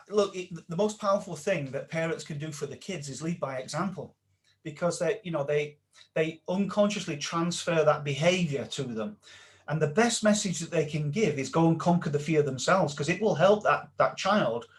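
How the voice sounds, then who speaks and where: A man with a slightly higher voice, talking as a mindset coach on a podcast. He speaks with animated energy and sinks to a hushed tone when he acts out someone's inner voice. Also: moderate pace. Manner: animated, drops to a quiet voice when quoting self-talk. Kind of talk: casual podcast interview.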